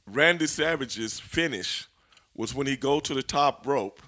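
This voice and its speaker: Animated, profane man telling wrestling stories. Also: medium pitch, unhurried. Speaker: interview guest, former wrestler. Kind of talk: storytelling in a shoot interview.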